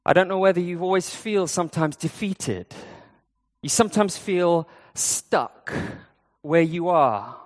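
Preacher, male, higher-pitched voice, chatty sermon delivery, long church reverb. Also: unhurried. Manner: conversational, with fillers and restarts.

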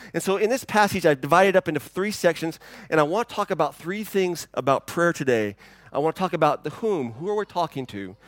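A man's voice: fairly high pitch, no echo. Conversational man preaching a sermon. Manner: conversational, repeats words when starting sentences. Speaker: pastor. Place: church.

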